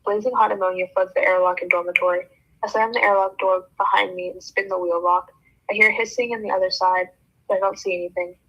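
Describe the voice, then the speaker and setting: A woman's voice: medium pitch, steady tone, quick pace, a bit bright. A woman reading a novel aloud for a book club, breaking off now and then for joking comments. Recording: dull lo-fi sound.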